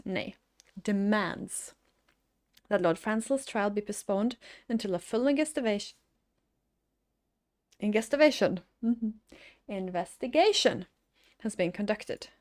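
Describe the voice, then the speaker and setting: A woman voicing a stern older noble lord in a fantasy game, reading his lines in a formal, measured way. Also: mid-range voice, darkish tone, close to an everyday voice.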